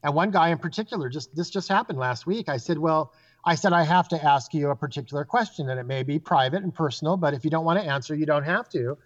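Talking quickly in a rather high voice, a psychic guest rattles off casual stories, performing the voices of the characters with animation. The sound is muffled and lo-fi.

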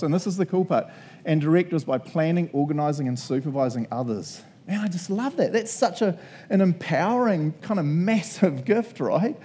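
A man's voice: on the high side, animated, moderate pace, mellow, slightly rough. A young man preaching a casual sermon, chatty and laughing often, acting out little quotes.

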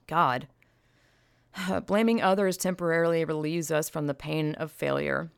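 A woman's voice: sits low, a little slow, creaky, pauses often, clear, resonant tone, dry recording, studio quality. A woman giving a casual opinion monologue, blunt and profane, emphatic, with frequent sighs. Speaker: vlogger.

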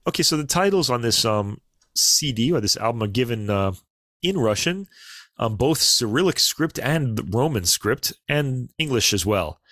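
A man co-hosting a casual podcast, chatting about classical recordings in a relaxed way with fillers and asides. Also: medium pitch, normal speed, dry recording, clean studio sound. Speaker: podcast co-host.

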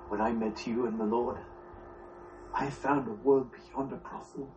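A man's voice: mid-range voice, steady tone, a little slow, a little mellow, dull audio, lightly acted. A man playing a bitter, grieving young father. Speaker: character in a TV drama clip. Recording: distant clip with music under it.

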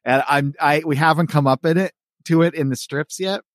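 A man hosting a podcast, reading comic strip panels aloud and discussing them in a lively way. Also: fairly high pitch, a little fast, no echo, studio quality. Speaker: podcast host.

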